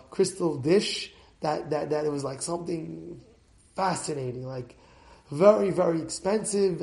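High-voiced rabbi telling a story, really animated, big echoey room. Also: male voice, gravelly. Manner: animated, acts out voices, swings between hushed and shouting. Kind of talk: storytelling sermon.

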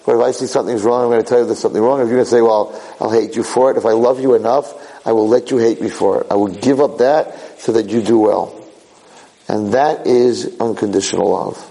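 A man giving a sermon as a rabbi, animated and conversational, repeating phrases for emphasis. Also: medium pitch, fast, gravelly, rough recording.

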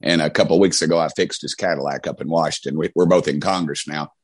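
A man's voice: rumbling low, fairly even intonation, fast talker, husky, no echo. A middle-aged man with an East Tennessee Southern accent, telling folksy stories in a rambling interview style. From Knoxville, Tennessee. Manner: rambling, folksy, many restarts. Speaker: congressman guest. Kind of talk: casual storytelling interview.

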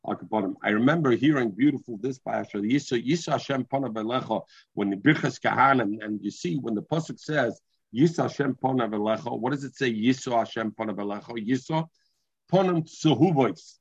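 A man's voice: mid-range voice, fairly quick, breathy edge, dry recording. A man teaching a Talmud class, mixing English with Hebrew and terms and often restarting his sentences. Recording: dull lo-fi recording.

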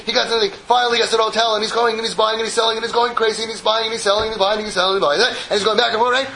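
A man giving a Torah lecture to a group as rabbi, an animated storyteller who slips in jokes. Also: high voice, rapid-fire, few pauses, a little hiss or hum, rough recording.

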